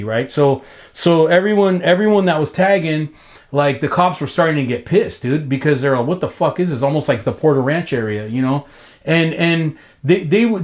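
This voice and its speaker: A man in his fifties from Los Angeles, telling stories in a casual interview, profane and slangy, rambling with restarts and jumping up in pitch when excited. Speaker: graffiti writer being interviewed.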